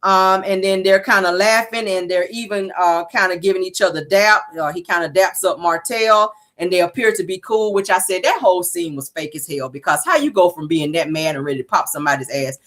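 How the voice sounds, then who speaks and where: Woman, sassy, blunt, casual recap host, swears freely, pitch jumps way up when she acts out quotes. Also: brisk, few pauses, fairly bright tone.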